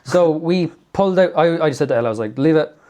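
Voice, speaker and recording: A young man tells a story in a loose, rambling way, leaning on fillers. His voice sits a touch high. It is casual podcast chat. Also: lively intonation, racing, a little mellow. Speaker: podcast co-host.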